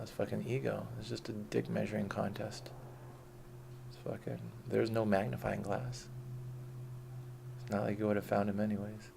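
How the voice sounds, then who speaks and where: A man's voice: lowish voice, little pitch movement, moderate pace, long pauses, a little mellow, a little hiss or hum. A middle-aged man ranting in an unscripted vlog, profane, combative and mocking. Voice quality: gravelly. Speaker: vlogger. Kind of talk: unscripted rant.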